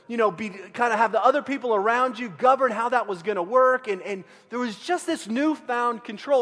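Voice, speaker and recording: A middle-aged pastor from Central Texas telling a self-deprecating story in a sermon, animated with frequent restarts. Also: male voice, high voice. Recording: long reverb of a large hall.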